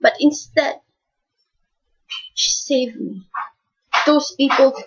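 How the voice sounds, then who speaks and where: A woman giving an emotional faith testimony in a soft, tearful voice, halting and repeating her words. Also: high voice, steady tone. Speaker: speaker giving a personal testimony. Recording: dull lo-fi recording.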